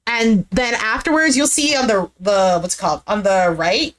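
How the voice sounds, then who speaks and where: A woman's voice: medium pitch, moderate pace, slight background noise. A woman chatting casually as she recaps a reality dating show, acting out what people said and swearing now and then.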